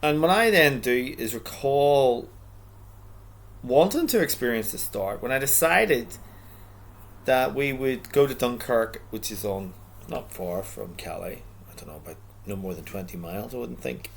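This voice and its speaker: A middle-aged man reading his own story aloud in a relaxed, reflective way, stopping often for rambling asides and restarts. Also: medium pitch, measured pace, vocal fry.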